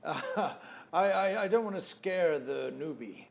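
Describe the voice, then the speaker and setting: A weary veteran actor, voiced by a man in a comedic audio play. His voice is gravelly and slow, and he hesitates and stumbles before settling into a reassuring tone. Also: a little high, animated.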